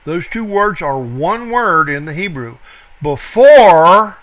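A man leads a verse-by-verse Bible study at an unhurried pace. His voice sits high and sounds bright and clear-edged. He talks in a deliberate way, stopping to spell out words and fix his own slips. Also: lively intonation. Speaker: Bible teacher.

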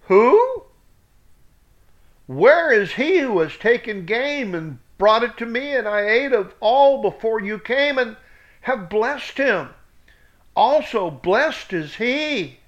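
An old father, shaken and bewildered, questions who stands before him, as a man reads his lines. The voice sits high for a man and moves slowly. The recording is dull and lo-fi. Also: big pitch swings, a bit bright, exaggerated voice.

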